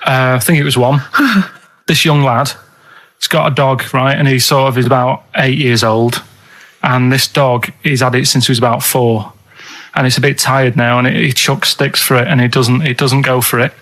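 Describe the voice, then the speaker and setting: Co-host, man; deadpan, meandering storyteller. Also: medium pitch, moderate pace. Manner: rambling, matter-of-fact storyteller. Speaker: regular co-host. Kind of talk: casual radio chat.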